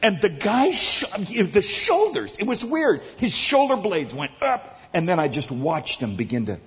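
A male preacher telling a funny story in a sermon, animated and acting out the characters. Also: high voice, a little slow, few pauses. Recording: echoey large hall.

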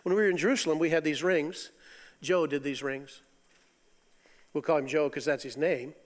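Middle-aged male preacher, high-voiced, animated, loud bursts and soft asides, long hall reverb. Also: moderate pace. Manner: animated, swings from loud exclamations to quiet asides, chuckles. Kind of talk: sermon.

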